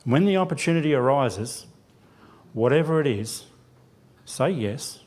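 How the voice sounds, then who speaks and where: A man's voice: medium pitch, lively intonation, measured pace, darkish tone. Guy giving a sermon in church, self-deprecating, tells his story with lots of quotes. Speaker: lay preacher. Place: church sanctuary.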